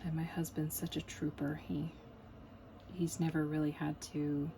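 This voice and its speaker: A woman's voice: low voice, level tone, normal speed, vocal fry, dark tone, a little hiss or hum, poor audio. A woman in a casual, rambling chat while she works on a diamond painting at home, with lots of fillers and small laughs. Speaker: crafting vlogger.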